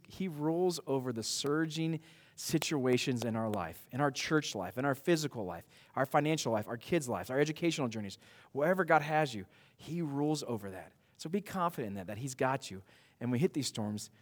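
A man preaching a sermon to his church in a conversational, animated way, with frequent asides. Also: mid-range voice, big-room sound. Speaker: pastor.

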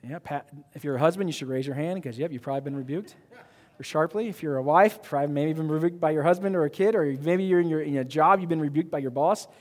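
A man preaching a sermon as pastor, animated and emphatic, joking with his congregation. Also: a little high, fast, in a large hall. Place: church sanctuary.

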